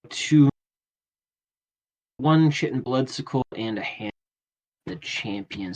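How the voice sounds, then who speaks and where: Halting, casual male game master. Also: medium pitch, low-quality recording. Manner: casual, halting, many fillers. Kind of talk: narrating a tabletop game.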